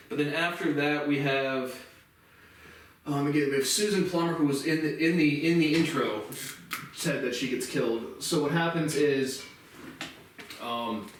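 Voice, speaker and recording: A man giving a casual spoken movie review, rambling and relaxed, often restarting his sentences and swearing casually. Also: medium pitch, a little hiss or hum. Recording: very echoey room, distant mic.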